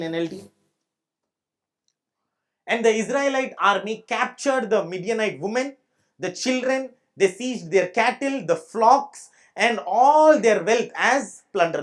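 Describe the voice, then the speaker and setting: High-pitched and emphatic, a pastor with an Indian English accent delivers a church sermon. He says things more than once and repeatedly asks whether his listeners understand.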